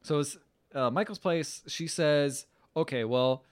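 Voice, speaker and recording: A man's voice: a little high, unhurried. A man co-hosting a podcast, casually retelling a movie's plot and acting out the characters' lines. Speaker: podcast co-host recapping a film. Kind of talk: casual chat.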